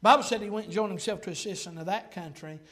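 High-voiced preacher man. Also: very fast. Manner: folksy storytelling, rising to fervent shouting. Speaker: pastor. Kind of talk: sermon.

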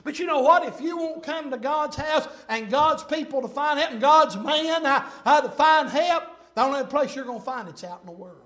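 A middle-aged man preaching a sermon, telling folksy stories and building to fervent, shouted points. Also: very high-pitched, moderate pace, hardly any pauses. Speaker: pastor.

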